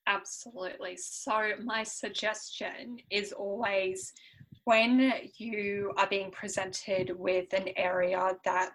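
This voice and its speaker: Australian woman, slight European tinge, podcast guest; earnest and unhurried, lots of ums, bright forward tone. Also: medium pitch, little pitch movement, rough recording. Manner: earnest, frequent "um" fillers, laughs easily. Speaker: podcast guest, intuitive mentor. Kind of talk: conversational podcast interview.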